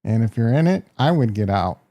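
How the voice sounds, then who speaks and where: A man's voice: mid-range voice, lively intonation, a little fast, dark tone. A man with a Midwestern American accent hosting a casual live stock market stream, brash and joking as he reacts to prices and talks to his chat. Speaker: market livestream host.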